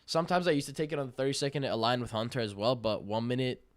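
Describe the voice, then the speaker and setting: A young man giving casual, slangy commentary on a live trading stream, hyped and breaking into loud cheers. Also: medium pitch, rapid-fire. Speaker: livestream day trader.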